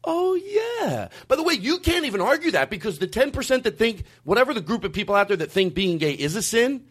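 A man's voice: high-pitched, quick pace, husky. A man hosting a podcast and ranting in an emphatic, comedic way, swearing freely. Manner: animated, emphatic, profane. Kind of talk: comedic rant in casual chat.

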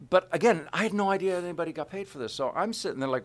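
A man's voice: fairly high pitch, rapid-fire, creaky, few pauses. A man from the Kansas City area telling an anecdote about his career as a voice actor, acting out the dialogue as he goes.

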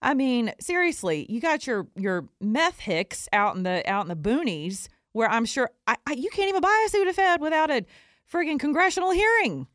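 A woman's voice: high voice, sing-song, normal speed, fairly bright tone, no echo, studio quality. A woman hosting her own talk show, ranting bluntly with sarcastic asides. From living in Atlanta. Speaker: show host; recording artist. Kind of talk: opinion talk show monologue.

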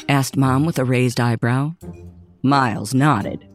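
A male narrator reads a children's story with slow, deliberate pacing and lively emphasis. His voice sits at a middling pitch. Soft background music runs under the reading. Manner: expressive, measured.

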